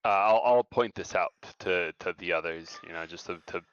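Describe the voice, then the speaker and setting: A man's voice: low-pitched, normal speed, a bit bright, clear, resonant tone, lo-fi sound. A man playing a tabletop game, asking tentative, hedging questions. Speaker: player.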